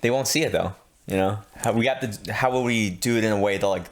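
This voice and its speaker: A man's voice: lowish voice, fast talker. A young man co-hosting a casual podcast, easygoing and enthusiastic. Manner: easygoing, enthusiastic, laughs along. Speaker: podcast co-host.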